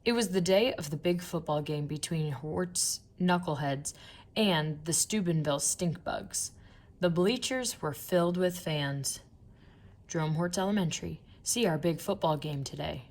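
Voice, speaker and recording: A woman narrating a children's book in a playful, expressive storytelling manner. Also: low-pitched, a little slow. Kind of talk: children's audiobook reading.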